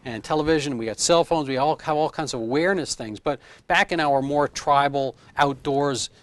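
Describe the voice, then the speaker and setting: A man's voice: fairly high pitch, normal speed. Rambling man in his fifties. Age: 50s. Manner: rambling, explains with homespun comparisons. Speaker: medical doctor guest. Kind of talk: casual interview chat.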